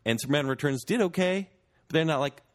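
A man's voice: on the high side, animated, fast talker. A man co-hosting a casual podcast, chatty and rambling, laughing easily. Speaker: podcast co-host. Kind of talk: casual chat.

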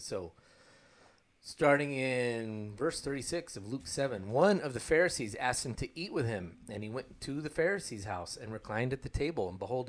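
A man with a plain, mid-pitched voice talks easily in a casual discussion. He drops dry, wry remarks and reads a passage aloud. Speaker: podcast co-host.

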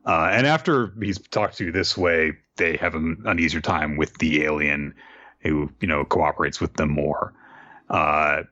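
A man casually recapping an anime episode as a podcast co-host, rambling with fillers and quick asides. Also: extremely low pitch, pushed and bright, dry recording, dull audio. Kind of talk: casual chat.

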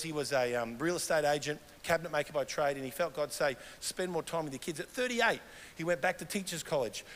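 Middle-aged Australian pastor, sermon, high-pitched, lively stories, long hall reverb. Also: male voice. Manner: animated storytelling, mimics his wife in quoted dialogue. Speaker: guest pastor. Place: large church hall.

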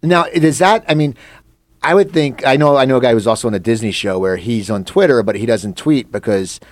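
A man hosting a casual interview, chatty and rambling, telling quick stories. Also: medium pitch, animated, no echo. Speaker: podcast host.

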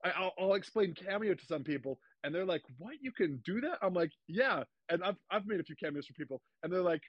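A man's voice: high-pitched, fast, no room sound, dull audio. A young man as an interview guest, talking eagerly and gushingly, repeating himself with lots of restarts. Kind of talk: casual interview chat.

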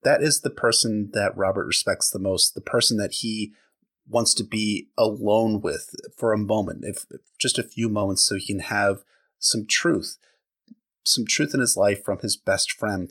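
A man's voice: lowish voice, a bit bright. A man co-hosting a podcast, talking casually and enthusiastically about a book, with loose slang and swearing. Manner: enthusiastic, casual, swears freely, says "like" a lot. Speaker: podcast co-host.

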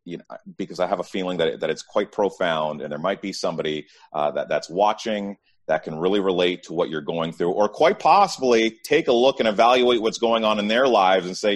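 A man's voice: low voice, fairly quick, hardly any pauses. A man hosting a podcast, asking informal, rambling questions with fillers. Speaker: podcast host. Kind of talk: casual interview.

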